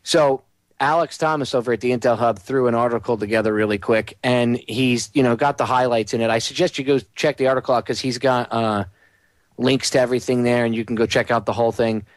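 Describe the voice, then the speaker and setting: Male talk radio host, fired-up sarcastic rant, mid-pitched voice, dry sound. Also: steady tone, brisk, no room sound. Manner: heated, ranting, sarcastic.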